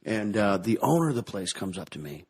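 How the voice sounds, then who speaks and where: A man from Missouri, a guest on a podcast, telling excitable, rambling anecdotes in casual chat. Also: lowish voice, fairly quick, husky. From Missouri, USA.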